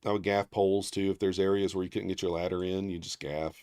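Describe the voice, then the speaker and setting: Male streamer, lower register, dry close sound; chatty, rambling, full of fillers, talks straight to viewers. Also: little pitch movement, fast, a little mellow, smooth, no room sound. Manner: rambling storyteller, heavy on fillers and restarts; reads viewer names aloud and thanks them. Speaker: livestream trading host. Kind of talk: casual livestream chat, answering viewers.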